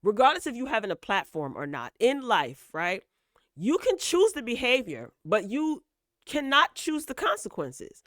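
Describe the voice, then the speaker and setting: A woman's voice: on the high side, sing-song, normal speed, fairly bright tone, no echo, clean studio sound. A woman giving casual gossip commentary on entertainment news, opinionated and lecturing, and often checking in with "all right?". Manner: repeats "all right?" and "okay?" as check-ins.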